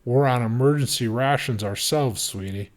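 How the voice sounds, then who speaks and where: A man's voice: mid-range voice, normal speed, close to an everyday voice. A man voicing a stern armed father who talks in a hard, lecturing, emphatic way. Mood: menacing.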